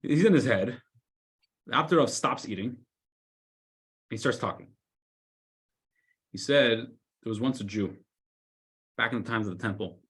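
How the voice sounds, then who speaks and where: A man, a rabbi, telling a story in a weekly Torah class, loudly acting out the scolding characters. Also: medium pitch, measured pace, pauses often, husky. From United States. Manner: animated storyteller, shouts the lines of scolding characters.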